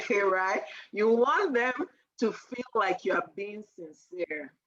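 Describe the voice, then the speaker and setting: A woman teaching persuasion on a casual live stream, animated and laughing often as she acts out sales lines. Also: mid-range voice, takes it slowly, highs cut off.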